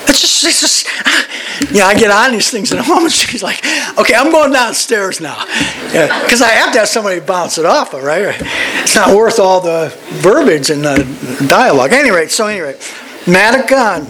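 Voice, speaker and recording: A man's voice: high-pitched, animated, a little fast, crowd noise. A man teaching a Bible study in a conversational way. He is digressive and often restarts and repeats words.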